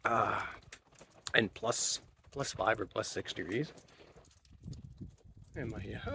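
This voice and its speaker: A man's voice: lowish voice, slow pace, gravelly, long pauses, slight background noise. A middle-aged man chatting casually as he films around his cottage, rambling easily with lots of fillers. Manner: rambling, relaxed, many fillers. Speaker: cottage vlogger. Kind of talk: casual vlog chat. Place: cottage, indoors and outdoors.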